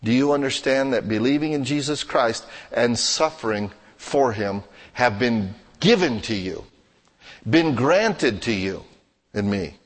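A man's voice: mid-range voice, expressive, unhurried, big-room sound. A man preaching a sermon as a pastor, exhorting his congregation with emphatic, rising and falling intensity.

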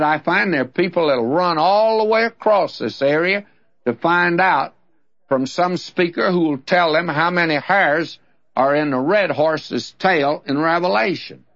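A man's voice: fairly high pitch, a bit bright. An older man with a Southern US accent, teaching the Bible on the radio in a folksy, conversational way, telling stories as he goes. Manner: folksy, conversational preaching with storytelling. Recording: dull lo-fi old radio recording.

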